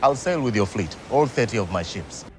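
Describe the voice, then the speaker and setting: An actor as a flamboyant, arrogant pirate. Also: male voice, lowish voice, expressive, moderate pace, noisy background, close to an everyday voice. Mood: boastful. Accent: French colonial. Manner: careless arrogance.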